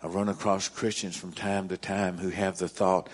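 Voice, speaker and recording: A male pastor preaching a sermon at a church service, deliberate and repeating key phrases for emphasis. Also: low-pitched, level tone, a little hiss or hum.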